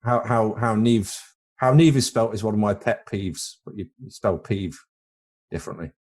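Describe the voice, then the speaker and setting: A British man with a lowish, slightly mellow voice speaks at normal speed. He co-hosts a casual film podcast, joking and rambling, tripping over repeated words while he thinks.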